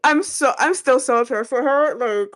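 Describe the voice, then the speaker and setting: A woman's voice: high voice, moderate pace. A woman with a stuffy, nasal voice from a cold, chatting animatedly and gushing as co-host of a music reaction video. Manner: animated, gushing, swearing freely. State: stuffy and a little sick. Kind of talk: casual reaction chat.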